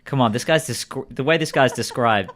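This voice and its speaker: A man narrating as game master of a tabletop role-playing game, in a relaxed, joking manner. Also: mid-range voice, fairly quick, slight background noise. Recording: faint network glitches over a stream.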